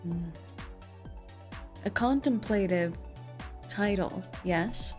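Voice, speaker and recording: A woman's voice: mid-range voice, extremely slow, darkish tone, soft background music. A woman VTuber chatting playfully with her stream audience, full of mock outrage and laughter. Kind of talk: casual livestream chat.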